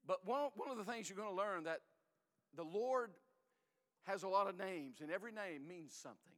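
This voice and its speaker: An older man preaching a sermon in a folksy, emphatic way, swinging between loud and hushed. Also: sits high, lively intonation, moderate pace, long reverb tail.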